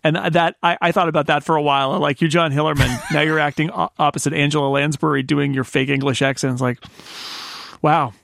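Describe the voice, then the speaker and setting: Male podcast co-host, somewhat high-pitched, chatty and meandering, recorded dry. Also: steady tone, a little fast, vocal fry, a bit bright, no room sound. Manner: rambling, self-interrupting. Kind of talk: casual chat.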